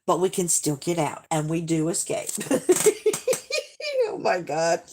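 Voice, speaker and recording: A woman's voice: on the low side, lively intonation, takes it slowly, background noise. A woman chatting casually on a live stream, reading viewer comments aloud and laughing often.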